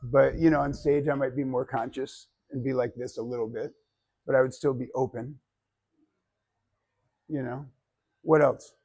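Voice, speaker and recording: A man teaching public speaking to a live class in an energetic, conversational way, often checking in with "right?". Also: mid-range voice, normal speed, pauses often. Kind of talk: classroom lecture.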